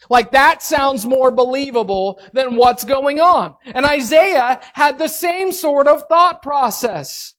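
A woman preaching a sermon, acting out reactions in an animated, expressive way. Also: measured pace, few pauses. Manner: animated, acts out reactions with big pitch swings.

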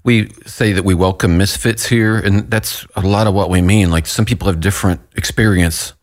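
A man co-hosting a Christian radio show, talking in a halting, earnest way and stammering a bit as he shares his own experience. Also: low-pitched, steady tone. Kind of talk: casual devotional chat.

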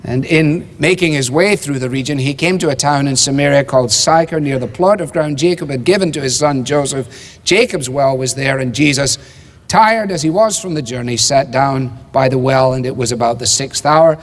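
A man preaching an expository sermon, measured and emphatic, with rhetorical questions. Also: mid-range voice. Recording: long hall reverb.

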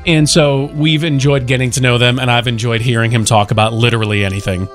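A man's voice: mid-range voice, steady tone, quick pace, a bit bright, soft background music. A man hosting a morning radio show, telling a fond story in a chatty, casual way.

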